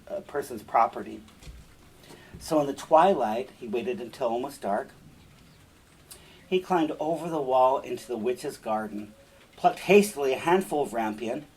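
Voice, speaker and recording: A man's voice: mid-range voice, darkish tone, a little hiss or hum, rough recording. A man reading a fairy tale aloud and stopping often to explain its lessons in a conversational way. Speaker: storyteller and teacher.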